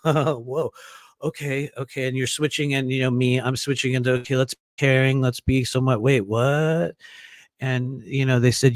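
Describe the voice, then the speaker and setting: A man telling a long personal story in a casual monologue, rambling and filling pauses with "you know" and frequent laughs. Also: mid-range voice, steady tone, no room sound. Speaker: podcast host telling a story.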